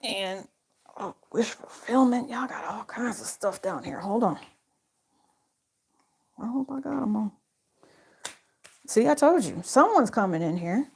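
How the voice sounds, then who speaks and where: A woman's voice: on the high side, lively intonation, measured pace, long pauses, slight background noise. A woman giving a casual tarot reading straight to her viewers in a chatty, slangy way. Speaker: tarot reader.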